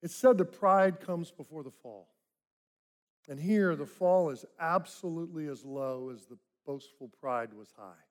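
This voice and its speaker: A man preaching a sermon, telling the story vividly and dropping to soft, low tones for reflective points. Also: measured pace. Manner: dramatic storytelling, acting out quoted voices. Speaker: pastor.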